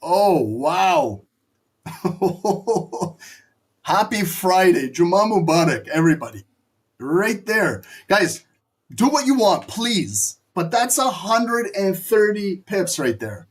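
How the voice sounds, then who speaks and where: Man, fairly high voice, live market commentary, excitable, swears, cracks jokes. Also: slow, husky. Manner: excitable, profane, jokey play-by-play. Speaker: live trading stream host.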